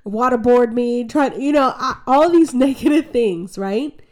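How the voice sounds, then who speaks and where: A woman telling stories in a lively, chatty way, acting out what people said. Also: on the high side, a little slow. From United States. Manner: animated, chatty, acts out quotes in her story. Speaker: guest. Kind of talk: casual conversational storytelling.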